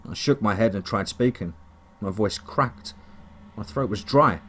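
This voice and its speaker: A man's voice: on the low side, brisk, slight background noise. A man narrating a first-person horror story in a dramatic, tense storytelling manner.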